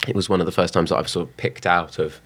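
In a relaxed interview, a young actor from southwest London speaks in a very low, slightly bright, husky voice. He talks quickly with fairly even intonation, often hesitating, using fillers, and restarting as he collects his thoughts.

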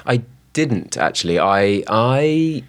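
A young actor from southwest London, England, chats as a guest in a casual interview, speaking in a London accent. His mid-range voice is sing-song and slow, and he sounds hesitant, with lots of fillers and restarts.

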